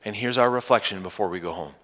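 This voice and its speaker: A man preaching a Sunday sermon as pastor, animated, with playful asides to his congregation. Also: on the low side, fast, in a large hall.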